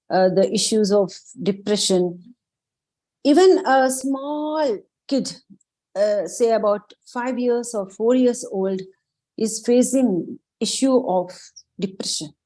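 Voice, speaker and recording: A woman talks listeners through a self-help book. Her voice sits a little high and she takes her time, pausing with small fillers as she speaks to them as friends. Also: mellow, rough recording. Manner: slow, earnest and encouraging, with frequent fillers. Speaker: spiritual book discussion host.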